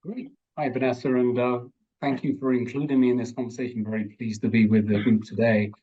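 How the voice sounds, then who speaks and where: A man's voice: medium pitch, level tone, fairly quick, husky, lo-fi sound. A man with a non-American accent, an audit partner, explaining on a panel, fluent but prone to restarts.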